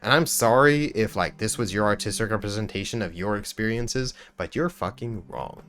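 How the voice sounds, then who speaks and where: A man and gaming YouTuber in an angry, sweary rant about a game, repeating himself, then quietly apologizing to his viewers. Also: lowish voice, normal speed.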